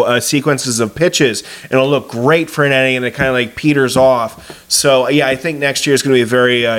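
A man co-hosting a podcast, talking sports in a measured way with frequent fillers. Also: mid-range voice, fairly bright tone. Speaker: podcast co-host. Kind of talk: casual sports chat.

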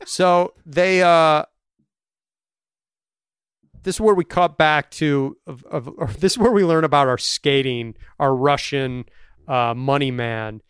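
Smooth-voiced joking man on a podcast. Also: a little high, slow, fairly bright tone, no room sound, studio quality. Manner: joking, recounts scenes with put-on voices. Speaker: podcast co-host discussing a film. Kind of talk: casual comedic chat.

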